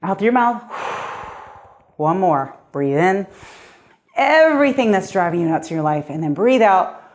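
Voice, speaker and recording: A woman's voice: medium pitch, sing-song, normal speed. A middle-aged woman coaching a cardio workout with an upbeat, encouraging voice. She sounds a little out of breath as she keeps moving and cheers the listener on. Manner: upbeat, encouraging, counting down reps. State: slightly out of breath. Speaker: fitness coach. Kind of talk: guided workout instruction.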